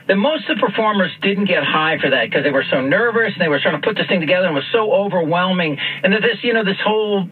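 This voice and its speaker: A man's voice: sits high, slightly rough. A male radio host interviewing a guest, chatty and stumbling, often repeating his words. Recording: phone-like radio broadcast.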